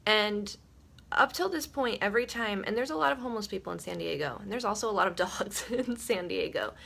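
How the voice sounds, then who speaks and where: A woman in her thirties from Buffalo, just woken up and talking in a croaky morning voice, musing candidly and reflectively to viewers in a casual livestream. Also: mid-range voice, brisk, a bit bright, slight background noise. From Buffalo, New York. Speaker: vlogger.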